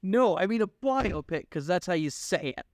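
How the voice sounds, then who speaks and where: Young male co-host, smooth clear tone, animated pitch, quick deadpan jokes, dry sound. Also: dry recording. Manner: joking, quick deadpan quips. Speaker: podcast co-host. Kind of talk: casual chat.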